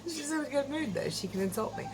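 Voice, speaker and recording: A woman's voice: sits high, animated, a loud crowd, poor audio. A middle-aged woman chatting casually and goofily as a vlogger at home, laughing easily. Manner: goofy, chatty, quick to laugh. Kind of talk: casual chat.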